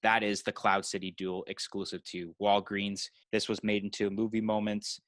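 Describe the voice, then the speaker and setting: A man with a fairly low voice recaps a film for his podcast in a loose, rambling way, leaning on "you know" and "like". The sound is close and dry, with no room around it. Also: little pitch movement, normal speed, fairly bright tone, no echo. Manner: loose storytelling full of "you know" and "like" fillers. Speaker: podcast co-host. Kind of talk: casual movie recap chat.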